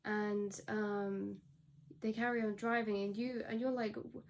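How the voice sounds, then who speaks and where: A woman talks through a general tarot reading in a loose, rambling way. She restarts often and slips into quoted inner voices. Her pitch stays flat and even, with a faint hiss behind her. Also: a little fast. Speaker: tarot reader. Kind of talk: channeled tarot reading monologue.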